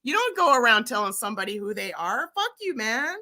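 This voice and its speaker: A woman's voice: on the high side, sing-song, brisk, bright, forceful tone. Profane, combative American woman livestreamer. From United States. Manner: profane, confrontational, repeats herself. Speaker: livestream host. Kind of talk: heated livestream argument.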